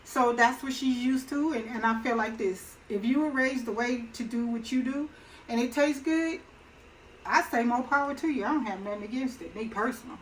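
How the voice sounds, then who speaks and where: At her own stove, a middle-aged woman who hosts a cooking channel talks her way through a demo at normal speed, her voice slightly high. She's folksy, easygoing and laughs readily, with a faint kitchen hum behind her on a rough recording.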